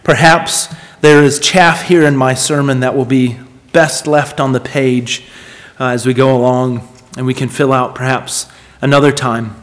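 A man preaching a sermon and reading scripture from the pulpit, with expressive, varied emphasis. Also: mid-range voice, unhurried. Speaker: pastor. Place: church sanctuary. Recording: long reverb of a church hall.

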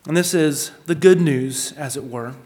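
A man preaching with earnest, emphatic delivery, his somewhat high voice swelling on key points. The sound rings with the long reverb of a large hall. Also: unhurried, a little mellow. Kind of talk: sermon.

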